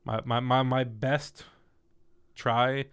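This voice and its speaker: A young man in conversation, recounting a messy personal story with blunt, swear-heavy candor. His voice sits at an ordinary middle pitch, and he jumps between retelling events and loud asides. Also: takes it slowly, clean tone. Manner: candid, profane, animated storytelling. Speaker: guest telling a story. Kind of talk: casual storytelling chat.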